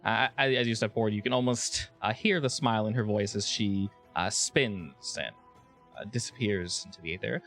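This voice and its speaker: A man narrating as game master of a tabletop game, relaxed and a bit hesitant. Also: fairly low pitch, normal speed, faint music behind.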